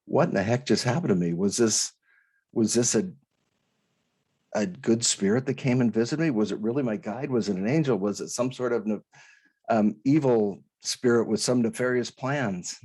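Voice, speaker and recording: A man from Idaho, a guest author on an interview, telling a personal story in an earnest, halting way, full of restarts and quoted voices. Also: medium pitch, a little mellow.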